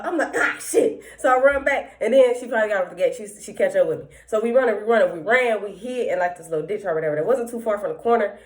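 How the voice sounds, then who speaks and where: A young woman hosting a podcast, telling a long story in a rambling, profane, animated way with heavy slang. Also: a little high. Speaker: podcast host. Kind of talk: casual storytelling monologue.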